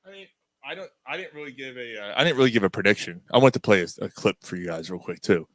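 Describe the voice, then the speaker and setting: A middle-aged man hosting a casual talk show, telling stories in an animated way, laughing often and swearing freely. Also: fairly low pitch, quick pace, dry recording. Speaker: podcast host. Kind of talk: casual chat.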